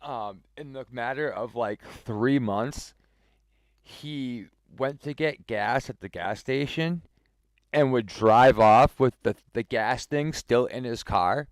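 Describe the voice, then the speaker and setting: A man streams a game and tells a story in a slow, medium-pitched voice with no echo. His telling is casual and rambling, with many "like" fillers, restarts, and chuckles.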